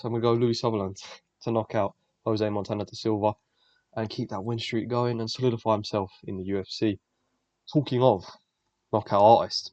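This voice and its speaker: Man, young, fight-predictions host, blunt and swearing, low voice, dull lo-fi dry recording. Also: no room sound. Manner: blunt, profane, rambling, excitable. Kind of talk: casual solo commentary.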